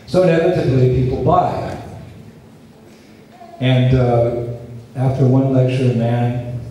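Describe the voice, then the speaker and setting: A man's voice: mid-range voice, dark tone, a little hiss or hum. Earnest man preaching in an echoey hall. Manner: unhurried, earnest storytelling with quoted dialogue. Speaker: swami giving a scripture lecture. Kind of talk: storytelling sermon. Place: festival lecture venue, distant mic. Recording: echoey hall, speaker far from mic.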